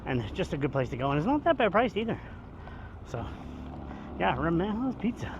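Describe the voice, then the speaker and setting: A man's voice: fairly high pitch, very animated, fairly quick, lo-fi sound, noisy background. A man chatting casually to his phone camera while walking outdoors, rambling and joking, a little out of breath. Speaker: vlogger. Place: outdoors on a street walk. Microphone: handheld phone camera.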